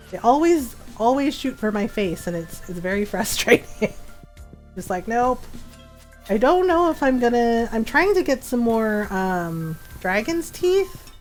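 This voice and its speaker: A middle-aged woman streaming a game, chatting casually, often laughing and acting out what people said. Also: medium pitch. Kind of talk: casual chat while gaming.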